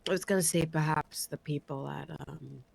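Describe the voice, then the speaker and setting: A woman speaking in character in a roleplay game, hesitant and thinking aloud with pauses. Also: deep voice, fairly even intonation, gravelly, a little mellow, slightly rough.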